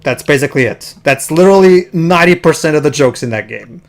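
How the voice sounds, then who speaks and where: A man's voice: on the high side, quick pace, soft background music. A man chatting casually while playing a video game, rambling and restarting his sentences often. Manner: rambling, restarts a lot, excitable. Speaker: let's play commentator. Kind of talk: casual gaming chat.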